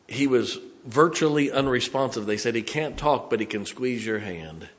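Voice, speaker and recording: A man, preaching a sermon as a pastor, swinging from loud to hushed. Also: mid-range voice, lively intonation, normal speed.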